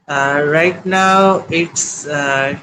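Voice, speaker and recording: A man from India, a Bengali speaker, with an Indian English accent, talking haltingly on a video call as an English learner. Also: a little high, bright, forceful tone, a little hiss or hum, rough recording. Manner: halting and hesitant, many restarts while searching for words.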